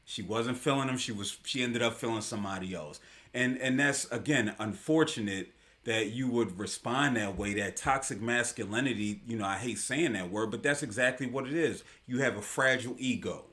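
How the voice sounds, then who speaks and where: A man's voice: medium pitch, moderate pace, fairly bright tone. A man hosting a live online talk show, giving casual commentary in an emphatic, slangy way and repeating his points for effect.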